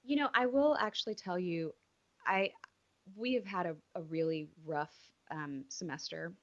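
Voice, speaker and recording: A woman in her thirties, a podcast guest, talking in an earnest, reflective way with halting restarts. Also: fairly low pitch, dull audio. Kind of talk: casual interview chat.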